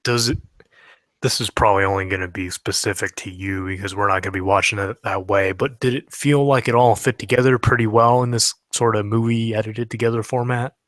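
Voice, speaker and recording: A man's voice: lowish voice, fairly even intonation, brisk, no room sound. A man in casual podcast chat, prompting his co-host with curious questions and short okays.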